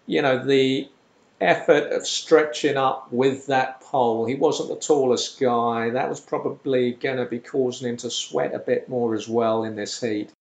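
A man's voice: medium pitch, fairly even intonation, unhurried, creaky. A man telling a rambling comic story with dry, self-deprecating asides, as a podcast host. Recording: roomy echo.

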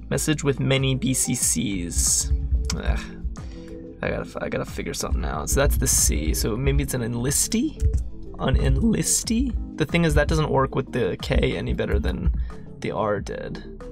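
A man's voice: mid-range voice, creaky. A man solving a crossword puzzle while thinking aloud, muttering, questioning himself and trailing off. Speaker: crossword solver.

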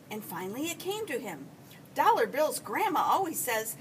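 Expressive teacher reading a storybook aloud. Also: female voice, high voice, moderate pace. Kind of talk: reading a picture book aloud. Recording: distant mic, faint background hiss.

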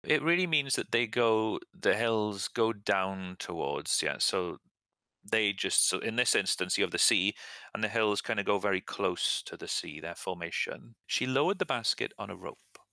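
A young man talks through English phrases in an easygoing, chatty way, as a teacher would. His voice sits low with a gravelly, bright edge. The sound is dry and close, with no room around it. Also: measured pace, no room sound. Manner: relaxed, chatty, laughs at own slips. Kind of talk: casual explanation of example sentences.

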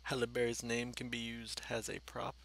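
He speaks at a normal speed in a monotone, medium-pitched voice that is a bit bright and carries vocal fry. As a gaming channel host, he gives rambling, profane let's-play commentary and talks to himself while playing.

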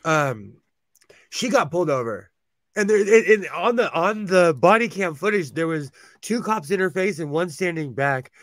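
Gossipy higher-voiced man, dry close sound. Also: moderate pace, dry recording. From California. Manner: gossipy, animated storytelling with frequent laughs. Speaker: host. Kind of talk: casual chat.

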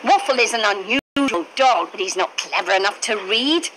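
A woman's voice: mid-range voice, animated, moderate pace, a bit bright, slight background noise, natural voice, poor audio. An actress playing a prim, fussy older neighbour who scolds and fusses over her own well-behaved dog. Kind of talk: children's TV acting.

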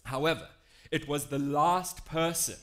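Young South African man, lively self-mocking storyteller, inclusion speaker. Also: fairly high pitch, a little slow. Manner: animated, self-deprecating storyteller with lively shifts in tone. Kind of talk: storytelling talk to an audience.

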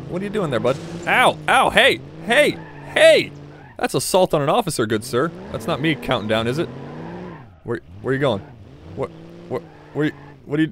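A man's voice: medium pitch, noisy background. A young man giving casual, joking commentary while playing a driving game, rambling and talking to the characters on screen. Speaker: gaming YouTuber.

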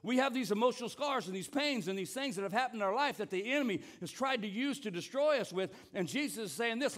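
Man, pastor, high voice, emphatic sermon, repeats himself, urges the congregation. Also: lively intonation, fast, few pauses, fairly bright tone. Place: church service.

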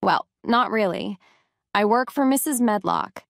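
A woman reading a storybook voices a kind, talkative young servant girl who speaks warmly and sometimes scolds gently. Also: mid-range voice, lively intonation, measured pace, creaky, no echo, studio quality. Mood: chatty.

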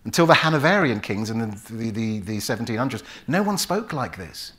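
Animated British man telling stage stories. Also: fairly low pitch, normal speed, hardly any pauses. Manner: animated storyteller who acts out voices and recites Shakespeare. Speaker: actor and author giving a talk. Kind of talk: anecdotal public talk. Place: lecture hall before a live audience.

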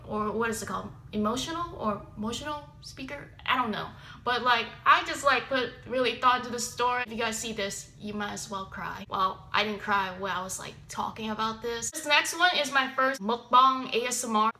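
Young woman youtuber rambling, lots of likes and ums, kinda high voice. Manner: rambling, many fillers, self-deprecating. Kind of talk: casual reaction commentary.

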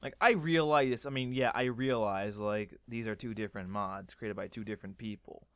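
A man doing excitable, swearing let's play commentary, ranting and often breaking into yells. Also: lowish voice, moderate pace, dry recording, muffled recording. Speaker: gaming YouTuber.

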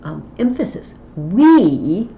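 Slow, patient woman teaching Latin. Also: medium pitch, very animated, warm tone, slight background noise. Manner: patient, slow, step-by-step explaining. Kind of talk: online tutorial lesson. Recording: slightly dull lo-fi audio with faint ambience.

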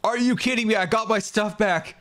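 A man giving excitable gameplay commentary, often exclaiming, laughing and talking to himself and to the creatures in the game. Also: sits high, brisk. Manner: exclaims and laughs often, repeating panicked cries. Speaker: gaming video creator.

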